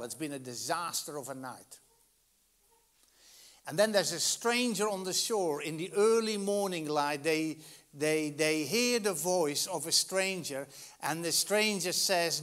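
A male pastor preaching at a slow, deliberate pace, his fairly high voice rising to loud peaks and then dropping to near-hushed lines. He tells the story with dramatic pauses and lets single words hang. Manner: dramatic storytelling with wide swings in loudness and pitch. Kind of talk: sermon.

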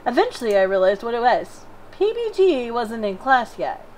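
A woman co-hosting a let's play, reading a visual novel's narration aloud with expressive lift and frequent giggles. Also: on the high side, normal speed, slight background noise, rough recording.

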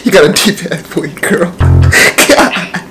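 Young male streamer with a high-pitched voice, brash and profane, roasting strangers in loose slang. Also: animated, slow, music in the background, rough recording. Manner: brash, profane slang banter with frequent laughter. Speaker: streamer on a random video chat app. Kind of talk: casual chat, roasting strangers.

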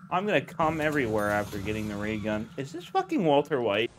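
A young man giving crude, joking commentary while playing a video game, breaking into loud excited outbursts. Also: mid-range voice, quick pace, background noise. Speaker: gaming video host. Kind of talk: let's play commentary. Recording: game music underneath.

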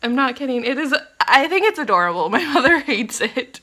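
A woman's voice: high-pitched, sing-song, fairly quick, bright, forceful tone. A young woman vlogging from her condo, chatting in a scattered, giggly way with plenty of ums and apologies. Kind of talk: casual rambling vlog chat.

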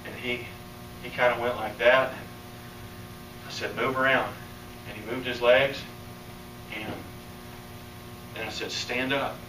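A man's voice: measured pace, long pauses, far from the mic, background noise. American preacher man in an echoey hall. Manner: storytelling, acts out dialogue, builds to excited high pitch. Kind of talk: sermon telling a healing story. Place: church or conference hall, live audience.

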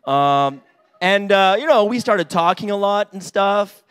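Lively, high-pitched man preaching casually. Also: unhurried, clean tone. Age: 40s. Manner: chatty, many fillers and "right?" asides, acts out quotes. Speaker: pastor. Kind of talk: casual sermon with personal stories.

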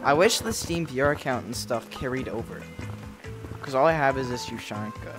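A man streaming a video game, chatting casually and excitably with friends. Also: medium pitch, normal speed, music in the background. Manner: excitable, yelps and laughs, lively. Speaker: gaming streamer. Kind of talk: casual gameplay chat.

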